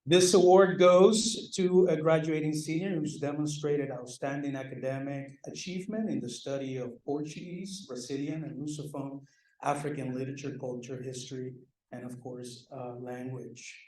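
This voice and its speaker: At a banquet in a large hall, a male department chair hands out student awards in a ceremony speech that's loose, joking and self-deprecating. His voice is medium-pitched, steady, a bit mellow, at a normal speed. The hall echoes and the mic is far away.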